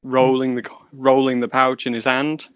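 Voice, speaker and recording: A man playing a tabletop game, describing his character's actions in a brisk, playful manner. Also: mid-range voice, little pitch movement, clear, resonant tone, no room sound, lo-fi sound. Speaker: player.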